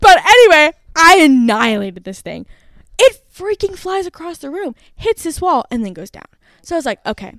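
Animated young woman telling a story. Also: high voice, moderate pace, no room sound, clean studio sound. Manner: animated, breathless, full of "like" fillers. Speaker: podcast host. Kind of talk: casual storytelling.

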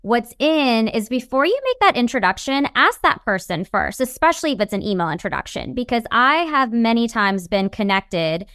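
Female interview guest, smooth mid voice, upbeat advice, dry close mic. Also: a little high, normal speed, hardly any pauses, no room sound. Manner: upbeat, animated, gives advice. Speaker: guest, networking expert. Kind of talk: casual interview chat.

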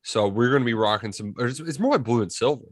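A man co-hosting a casual college football podcast, talking in animated, excitable bursts. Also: medium pitch, fast, slightly rough, no room sound, clean studio sound. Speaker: podcast co-host. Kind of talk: casual sports chat.

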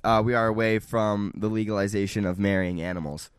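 A man's voice: on the low side, fairly quick, slight background noise. A young man co-hosting a podcast, making profane jokes in casual chat. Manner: joking, profane, deadpan quips. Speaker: podcast co-host.

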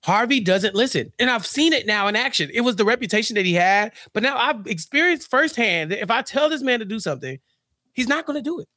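A man's voice: very high voice, expressive, quick pace, bright, forceful tone, dry recording, clean studio sound. A man co-hosting a podcast, chatting casually and animatedly, acting out characters' lines as he recaps a TV episode. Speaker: podcast co-host.

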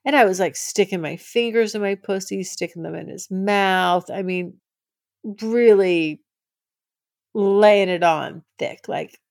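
A woman's voice: medium pitch, slow pace, vocal fry, no room sound, studio quality. A woman hosting a podcast, frankly telling a personal story, gushing and laughing often. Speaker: podcast host.

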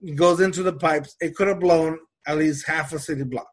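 A man telling a story in casual chat, animated and acting out the people he quotes. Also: on the high side, a little fast. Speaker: storyteller in a conversation.

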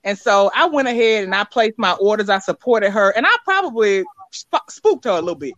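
A woman's voice: mid-range voice, lively intonation, brisk, a bit bright, dry recording. A woman on a video call giving a rambling, heartfelt tribute as a sponsor, with repeated words and many fillers. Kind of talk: casual heartfelt speech.

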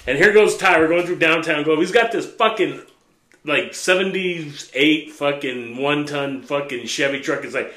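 A man's voice: fairly high pitch, moderate pace, reverberant, background noise. A man, a podcast host, telling a profane, rowdy story in casual chat. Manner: profane, animated storyteller, laughs through his punchlines.

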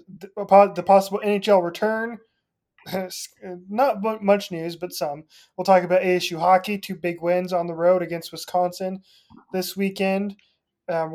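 A co-host of a casual sports podcast, easygoing and amused, laughing along. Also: male voice, sits high, a little mellow. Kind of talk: casual chat.

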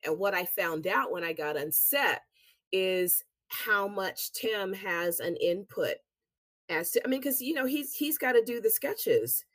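A woman guest, a singer and actress, telling stories in a casual interview with animated, laughing delivery. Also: medium pitch, measured pace, dry recording. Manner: chatty, animated storytelling with laughs.

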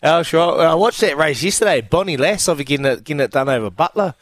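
A man hosting a sports talk radio show, chatty and matey with quick reactions. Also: on the high side, lively intonation, no echo, clean studio sound. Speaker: radio host. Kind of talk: casual sports radio chat.

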